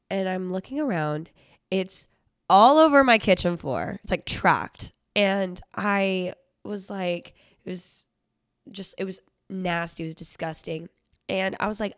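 A woman's voice: medium pitch, unhurried, no echo, clean studio sound. A young woman hosting a casual solo podcast, telling a story in a chatty, rambling way with lots of swearing and filler words. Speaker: podcast host.

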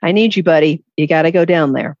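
A woman voicing a grieving, tender husband in heaven, reading aloud from her book with a husky voice. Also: deep voice, fast, dry recording, highs cut off. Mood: pleading. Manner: soft, pleading storybook read-aloud.

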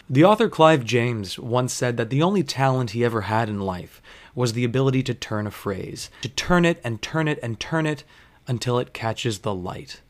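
A young man, a bartender, telling a story casually with lots of swearing and sarcasm. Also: medium pitch. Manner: profane, animated, sarcastic.

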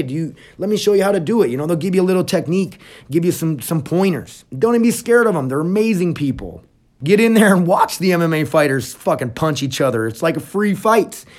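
A man with a fairly high-pitched voice hosts his own solo podcast, talking casually and bluntly and swearing often. He starts out energetic, hyping up a gym, then shifts into quieter personal reflection.

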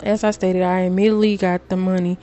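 A woman's voice: fairly low pitch, little pitch movement, fast talker, dark tone. A woman podcast host, talking straight to her listeners in an emotional, preachy way. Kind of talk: casual monologue.

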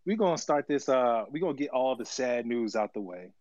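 A man co-hosting a casual live audio chat, animated and quick to laugh while trading playful jabs. His voice sits in a middle pitch and sounds dry and a little dull, like lo-fi stream audio. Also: no room sound. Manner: animated, laughs often, playful trash talk. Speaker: podcast co-host.

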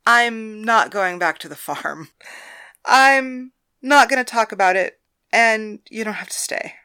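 A woman's voice: a little high, expressive, normal speed, sharp tone. A woman voicing a tense, brusque young brothel worker who talks in short commands in a storybook reading. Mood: upset.

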